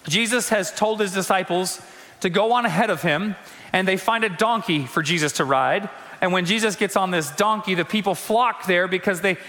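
A male pastor preaching a conversational sermon in a church, acting out quotes and slowing down for emphasis. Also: sits high, pushed and bright, long reverb tail. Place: church sanctuary.

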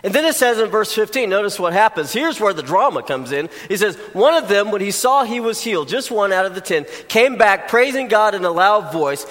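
Man preaching, high voice, conversational, joking asides, long church hall reverb. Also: animated, fairly quick, hardly any pauses, fairly bright tone. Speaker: pastor. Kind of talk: sermon.

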